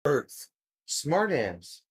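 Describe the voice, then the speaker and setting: Husky and extremely slow, this man's fairly high voice swoops wildly in pitch. He hosts a casual livestream, answering viewers, teasing them playfully, and darting between topics.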